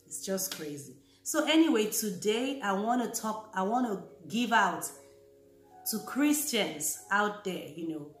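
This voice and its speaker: A woman speaks at a middle pitch in an earnest, warning tone, circling back to repeat her key phrases. Her voice carries a roomy echo, and faint music plays underneath. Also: big pitch swings, unhurried. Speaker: Christian vlogger. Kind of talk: casual talk to camera.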